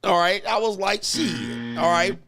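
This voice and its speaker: A man telling a rambling high school story in casual commentary, swearing, laughing often and acting out what people said. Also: unhurried, creaky. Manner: animated, profane, laughs often, acts out quotes. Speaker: commentary streamer.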